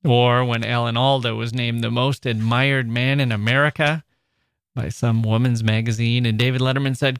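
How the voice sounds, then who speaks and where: A man's voice: medium pitch, fairly even intonation, moderate pace, clear, resonant tone, no echo. Chatty male podcast host, dry sound. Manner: chatty and playful, quoting others with lifted voice. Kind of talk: casual monologue.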